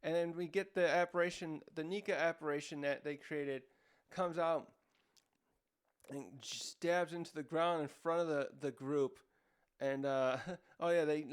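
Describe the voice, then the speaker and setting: A man with a slightly high voice and clean tone recaps a manga chapter in a casual review-host style. He rambles on, hunting for words amid frequent fillers, and delivers the characters' lines in quick bursts of raised voice.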